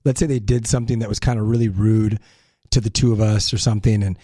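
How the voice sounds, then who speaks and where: A young man co-hosting a casual chat with his partner, animated and teasing. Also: fairly low pitch, quick pace, slightly rough, no echo, studio quality. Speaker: podcast co-host.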